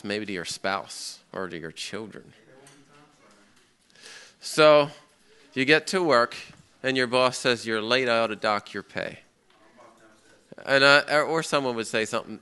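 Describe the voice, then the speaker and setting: A middle-aged man with a smooth, medium-pitched voice preaches a sermon. He delivers it in an animated way, acting out the outbursts and prayers of the people he quotes.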